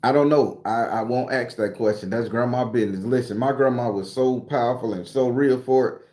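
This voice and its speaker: Speaking a little fast in a mid-range voice, this southern Florida man in his 40s runs a livestream full of casual, profane storytelling. He shouts greetings to his viewers and leans on profane slang, all in an echoey room.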